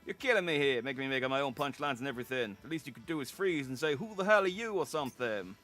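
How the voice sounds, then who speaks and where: A man voicing a cocky male journalist rival with a put-on Boston accent, swaggering and mocking, a little higher and louder than his own voice. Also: lively intonation, fast talker, faint music behind, close to an everyday voice. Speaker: streamer reading game dialogue.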